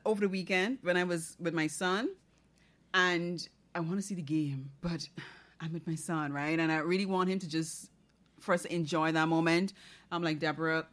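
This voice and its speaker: Middle-aged woman, morning co-host, chatty and exclamatory, slightly low voice. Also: steady tone, moderate pace. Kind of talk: casual chat.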